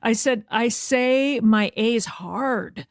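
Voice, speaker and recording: A woman's voice: a little high, drawn-out words, no echo, studio quality. Chatty woman host from Massachusetts. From South Shore of Massachusetts. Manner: chatty and animated, with lots of laughs and quoted asides. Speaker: podcast host. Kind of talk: casual interview chat.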